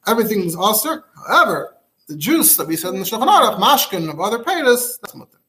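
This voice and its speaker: A man teaching a rabbinic law class, reading Hebrew sources aloud and explaining them in quick, animated English. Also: high-pitched. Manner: fast and animated, mixing English with Hebrew text. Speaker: rabbi giving a Talmud class. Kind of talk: Torah class lecture.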